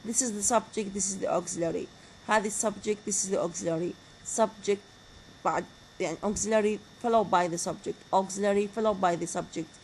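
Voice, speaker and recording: A woman giving a grammar lecture, slowly repeating example sentences. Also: medium pitch, fairly even intonation, a little mellow, slight background noise, rough recording. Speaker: university lecturer.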